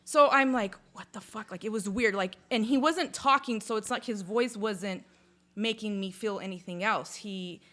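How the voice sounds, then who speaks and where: A woman in casual conversation, telling a personal story in a lively, chatty way, with lots of "like" and some swearing. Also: medium pitch, moderate pace. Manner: chatty, full of "like", swears freely; lively retelling, acts out sounds and inner voices. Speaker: podcast guest.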